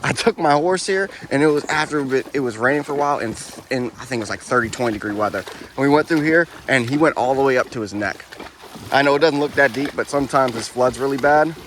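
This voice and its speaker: A young man in his twenties speaks in a relaxed, wandering, reflective way. His voice sits at an ordinary middle pitch. He is recorded outdoors on a trail on a body-worn mic, and faint outdoor noise runs under his words. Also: quick pace. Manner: laid-back, rambling, reflective. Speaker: horse trainer. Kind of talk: casual vlog narration while riding. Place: outdoors on a wooded trail, on horseback.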